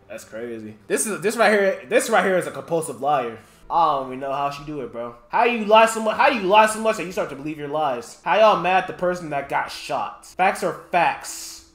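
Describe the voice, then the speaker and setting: A streamer reacts live, swinging his pitch wildly as he rants and swears at what he reads. His voice carries a noticeable echo, as if the room is bare. He keeps turning to address his chat directly. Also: moderate pace. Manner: animated profane ranting, talks to chat. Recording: roomy echo.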